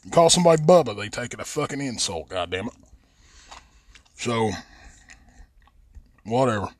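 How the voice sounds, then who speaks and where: With a mid-range voice, lively intonation, and normal speed, this man hosts a podcast out of West Virginia. He drawls in a Southern Appalachian accent, stretching his vowels into a close mic while rambling and cussing freely in a casual profane monologue.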